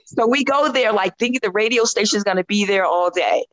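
A woman in her fifties, a podcast guest telling a long story in casual chat, animated and laughing often as she acts out what she said. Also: mid-range voice, a little fast, lo-fi sound.

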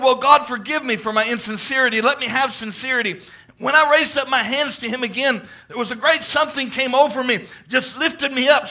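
Male preacher, high bright voice, fervent sermon delivery with swelling emphasis. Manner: fervent, quoting at length, rising emphasis. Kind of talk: sermon retelling a vision.

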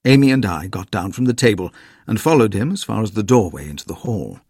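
A man reading a ghost story aloud in measured, quietly dramatic scripted narration. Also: lowish voice, lively intonation, breathy edge, no room sound, studio quality.

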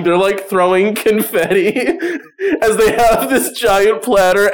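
A man narrating as game master of a tabletop game in a rambling, giggly way with lots of fillers. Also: sits high.

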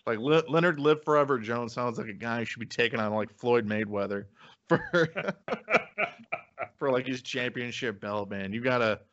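A man's voice: mid-range voice, steady tone, a little fast, fairly bright tone, highs cut off. A man hosting a podcast, talking casually with lots of fillers and easy laughs. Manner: chatty, loose, laughs often, many fillers. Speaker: podcast host.

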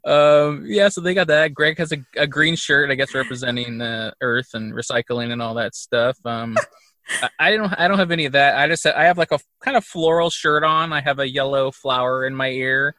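Bright-voiced male podcast host. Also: mid-range voice, fairly even intonation, normal speed, no echo, clean studio sound. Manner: rambling with many fillers and laughs. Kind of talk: casual chat.

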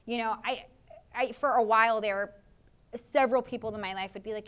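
Woman pastor, sermon, earnest and confessional, slightly high voice, prayerful asides. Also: brisk, a bit bright, smooth.

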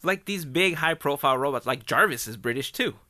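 A man's voice: on the high side, expressive, brisk, pushed and bright, dry recording, clean studio sound. A man co-hosting a casual chat show, talkative with frequent fillers and laughs. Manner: chatty, laughs often, many fillers. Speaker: podcast co-host.

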